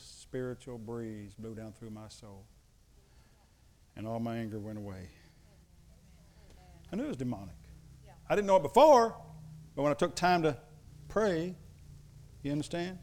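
A man's voice: mid-range voice, moderate pace, pauses often, darkish tone. A man preaching a sermon, telling personal stories and acting out the voices of his family. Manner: storytelling, acts out voices of family members. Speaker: pastor.

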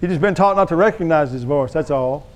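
A male pastor delivering a sermon in an emphatic, preachy manner, pressing his congregation to respond. His voice sits somewhat high and sounds smooth and resonant. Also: fairly quick.

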